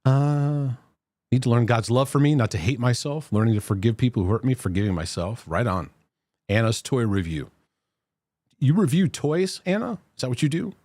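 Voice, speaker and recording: A man's voice: mid-range voice, lively intonation, normal speed, darkish tone, no echo. A man hosting a Christian mental health livestream, chatting casually and reading out viewer comments, laughing easily between them. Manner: chatty, laughs easily, many fillers and restarts.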